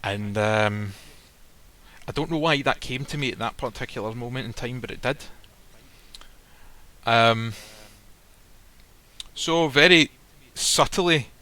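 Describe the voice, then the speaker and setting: A man tells a personal story in a casual, unfiltered way, swearing freely and acting out what others said. His voice is bright and forceful, sitting at a middle pitch. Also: takes it slowly, pauses often. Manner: blunt, swears freely, acts out quoted lines. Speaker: guest telling a personal story. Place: live stream recording.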